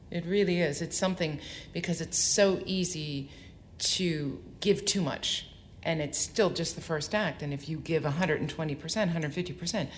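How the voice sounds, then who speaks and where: Low-voiced soprano woman, expressive talk. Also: a little hiss or hum. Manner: articulate and expressive, explains at length. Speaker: opera soprano. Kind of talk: onstage interview before an audience.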